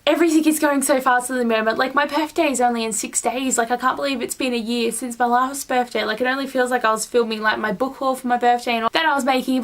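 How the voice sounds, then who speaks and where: A young adult woman vlogging a monthly reading wrap-up in a gushing, excitable way, full of "like" fillers. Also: high voice. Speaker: book vlogger.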